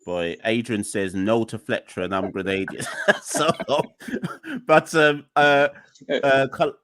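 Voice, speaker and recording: A male podcast host in full rant mode. He hammers his points home, sounds exasperated with his audience, and speaks to them directly as if pleading with them. His voice sits at an ordinary middle pitch for a man. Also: slow pace, fairly bright tone, clean tone, no room sound. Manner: emphatic, exasperated, addresses listeners directly. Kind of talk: opinionated cricket podcast rant.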